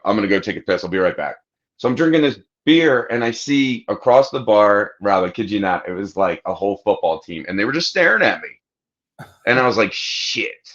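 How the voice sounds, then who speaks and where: A fairly low-voiced man hosting a podcast tells a long, animated story in casual conversation, swearing freely and acting out what people said. The sound is lo-fi.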